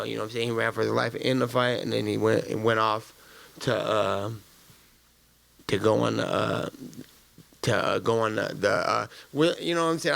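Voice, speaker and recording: A man's voice: mid-range voice, gravelly, a bit bright. A man in his thirties answering press conference questions, blunt and profane, with loose street slang and rambling answers. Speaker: fighter at a post-fight press conference.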